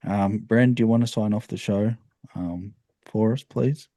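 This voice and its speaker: A man's voice: lowish voice, a little slow, mellow, no room sound, studio quality. A man hosting a casual sports podcast, laid-back and laughing often. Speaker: podcast host.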